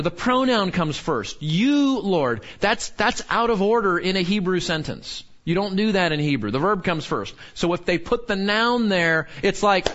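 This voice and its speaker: A man's voice: high-pitched, lively intonation, normal speed, hardly any pauses, fairly bright tone, dull audio. A man teaching a Bible lesson to a class in a conversational way, often asking "right?" and repeating key points for emphasis.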